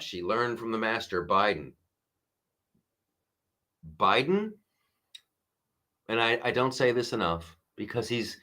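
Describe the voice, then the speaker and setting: A man with a bright, tense voice hosts a political commentary monologue. He rants with sarcasm and plenty of profanity. He mocks his opponents in put-on voices. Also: mid-range voice. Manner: mocking mimicry of opponents. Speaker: show host.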